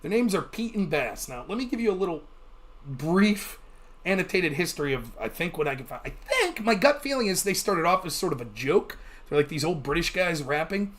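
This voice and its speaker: Animated, swearing male livestream host. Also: fairly high pitch, a little fast. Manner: animated, profane ranting. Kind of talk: casual livestream commentary.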